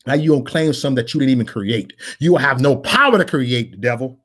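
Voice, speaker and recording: A man delivering a preachy, freewheeling monologue, repeating his phrases in a sermon-like cadence and mixing in casual slang, swinging from loud declarations to mumbled asides. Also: medium pitch, lively intonation, fast talker, hardly any pauses. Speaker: political vlogger. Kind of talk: preachy live-stream monologue.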